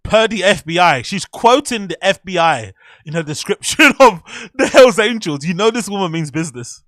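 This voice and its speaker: A man hosting a show, excitedly reacting to a video with slangy, swearing commentary. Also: high voice, moderate pace, dry recording, studio quality. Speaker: host.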